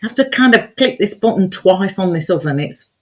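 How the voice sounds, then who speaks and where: A woman's voice: medium pitch, expressive, fairly quick, darkish tone. A woman with a Nottingham accent co-hosting a podcast, chatty and playful, poking fun at herself. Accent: Nottingham English. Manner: chatty, self-mocking, playful. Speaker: podcast co-host. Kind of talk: casual chat.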